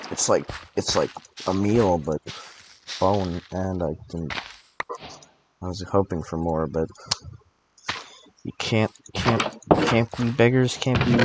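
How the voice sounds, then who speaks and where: A deep-voiced young man of eighteen, tired and groggy, rambles through late-night gaming commentary with drowsy joking asides. Steady clicking sounds run under his voice. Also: rough recording. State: tired and groggy from allergy pills. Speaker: gaming channel host. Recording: clicking noise over the voice.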